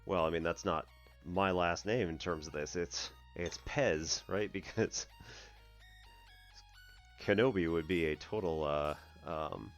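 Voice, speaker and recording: A man from the US Northeast hosting a math stream, chatting casually, laughing often and clearing his throat. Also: low voice, takes it slowly, soft background music. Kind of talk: casual livestream chat.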